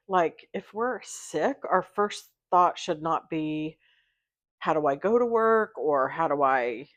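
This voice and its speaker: A woman's voice: deep voice, dry recording, clean studio sound. A sick woman in a candid, rambling vlog, talking with many fillers. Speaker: vlogger and therapy intern. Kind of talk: casual confessional vlog.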